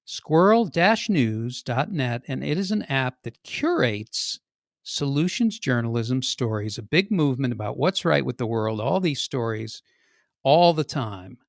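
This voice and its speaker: Lively, gravelly podcast host man. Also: a little slow, no room sound, studio quality. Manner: energetic and jokey, pitch jumps for emphasis. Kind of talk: upbeat podcast introduction.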